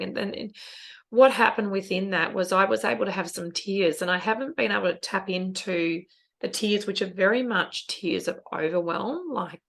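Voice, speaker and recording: A woman's voice: medium pitch, vocal fry, a bit bright. A middle-aged woman, co-hosting a casual podcast chat, talking earnestly and emotionally about parenting. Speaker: podcast co-host.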